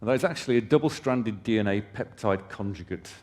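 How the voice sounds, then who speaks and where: A man delivers a conference presentation from a hall stage, explaining in a relaxed, conversational way with off-hand asides to the crowd. His voice sits a little low, and a long hall reverb trails behind each phrase. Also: quick pace. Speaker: company presenter.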